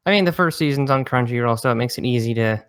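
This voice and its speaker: A man hosting a casual podcast chat, talking in a quick, blunt and wry way. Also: medium pitch, fairly bright tone, clear, resonant tone. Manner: quick, blunt and wry, reads titles aloud. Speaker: host.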